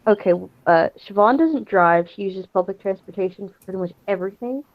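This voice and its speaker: A woman's voice: medium pitch, fairly quick, dry recording. A woman playing a tabletop role-play game, describing her character's actions in a hesitant, filler-heavy way. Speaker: player. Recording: lo-fi muffled mic.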